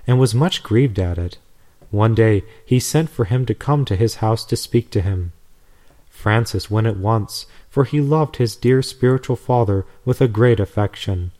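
Mellow-voiced man reading a story. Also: on the low side. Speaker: narrator. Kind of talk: reading a devotional story aloud.

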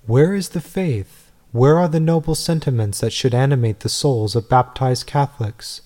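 Mellow-voiced man reading devotional text. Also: mid-range voice. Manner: measured, earnest, rhetorical questions. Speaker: reader.

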